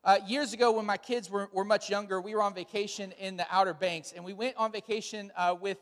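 A man's voice: sits high, fairly even intonation, brisk. Man preaching in a reverberant church hall. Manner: casual, storytelling, with frequent fillers. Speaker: pastor. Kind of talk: sermon with announcements.

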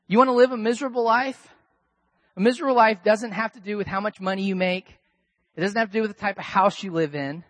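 A male pastor delivering a sermon in a loose, conversational way. He drops to quiet asides, then rises to loud, emphatic bursts. The sound is dry and close, with no room echo. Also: high voice, fast.

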